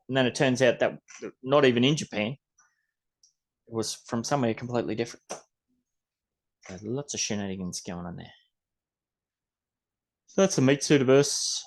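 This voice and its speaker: A man's voice: medium pitch, moderate pace, long pauses. A man with an Australian accent hosting a podcast in rambling, casual chat, swearing mildly. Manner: rambling, chatty, mild swearing. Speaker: podcast host.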